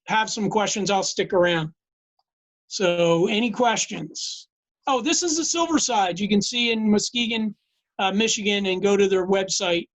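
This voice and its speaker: An older man with a scratchy voice giving a classroom lecture and answering questions, halting with many fillers. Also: high-pitched. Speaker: guest lecturer.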